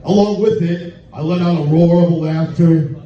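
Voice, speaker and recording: A man doing crude stand-up at a bar open mic, telling a raunchy story in a deadpan way. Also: fairly high pitch, moderate pace. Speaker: stand-up comedian. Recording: echoey, distant, muffled room recording with noise.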